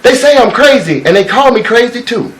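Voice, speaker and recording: A man's voice: very high-pitched, lively intonation, brisk, distant mic, voice pushed up, poor audio. A man voicing a cocky young male eagle who insists he is a chicken, defiant and slangy with cursing. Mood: stubborn.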